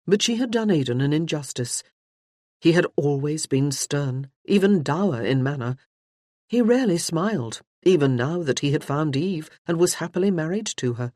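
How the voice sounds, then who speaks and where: A woman narrating a historical romance audiobook in a measured, expressive reading. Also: low-pitched, dry recording, clean studio sound. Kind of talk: scripted narration.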